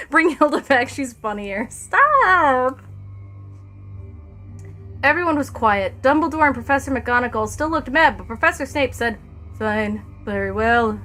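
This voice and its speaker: A woman's voice: a little high, a bit bright. A woman streamer reading a fan story aloud on stream, breaking off for sarcastic, profane asides to her chat. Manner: sarcastic, profane asides between read passages.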